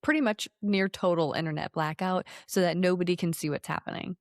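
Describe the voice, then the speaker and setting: A woman in her thirties co-hosting a podcast, talking politics in a sarcastic, animated way with some swearing. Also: on the low side, a little fast, no room sound, studio quality. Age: 30s. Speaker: podcast co-host. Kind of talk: casual political chat.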